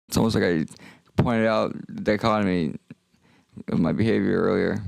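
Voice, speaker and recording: A man's voice: fairly low pitch, normal speed, vocal fry, long pauses, darkish tone, dry recording. A young man streaming, rambling and joking in casual talk that trails off into mumbles.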